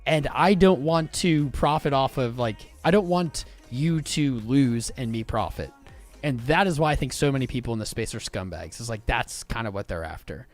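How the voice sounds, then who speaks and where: A young man hosts a casual livestream, talking straight to his viewers in an excitable, informal way. His pitch swings widely as he speaks. Faint music plays underneath. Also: moderate pace. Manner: animated, swearing, informal and excitable. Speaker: crypto livestream host. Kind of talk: casual livestream chat reading viewer comments.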